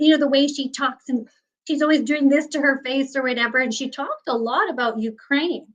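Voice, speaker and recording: High-voiced indignant woman. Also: moderate pace, poor audio. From Canada. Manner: indignant, ranting, swears freely. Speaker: guest, former news director. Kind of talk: heated interview talk.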